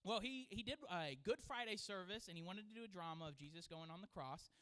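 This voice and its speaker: A man who is a children's pastor, preaching a sermon and telling a story in an animated way with frequent laughter. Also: high voice, fairly quick, clean tone, low-quality recording. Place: church sanctuary.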